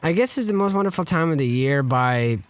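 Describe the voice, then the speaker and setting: Animated, jokey male podcast co-host. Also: on the high side, fairly quick, clear, resonant tone. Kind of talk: casual chat.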